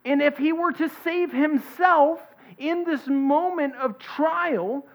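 A woman preaching an expository sermon, reading scripture aloud and stressing its points in a deliberate way. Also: high voice. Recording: dull lo-fi recording.

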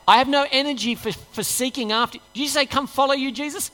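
A pastor with an extremely high, bright, forceful voice preaches a conversational sermon at a quick pace with hardly any pauses. He asks rhetorical questions and acts out people's inner voices, with a long hall reverb on the recording.

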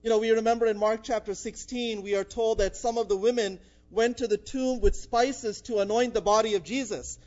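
A man's voice: sits high, steady tone, a little fast, few pauses, darkish tone, dull audio. A man preaching a sermon in a conversational way, with frequent "uh" fillers. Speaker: pastor.

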